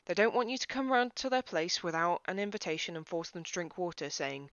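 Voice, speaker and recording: Woman doing a deadpan comic explainer. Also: fairly low pitch, clear, resonant tone, no echo. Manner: brisk, deadpan explaining with exaggerated quoted voices. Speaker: cabaret host. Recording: dry, dull lo-fi sound.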